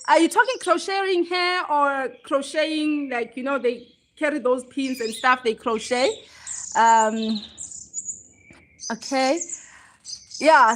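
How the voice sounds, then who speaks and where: A woman with a high voice hosts a relaxed livestream. She chats to her viewers, reads out their comments and laughs easily at herself. A faint hiss of noise sits behind her. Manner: chatty, reads and answers viewer comments aloud; laughs easily, self-deprecating. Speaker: livestream host. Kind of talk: casual livestream chat.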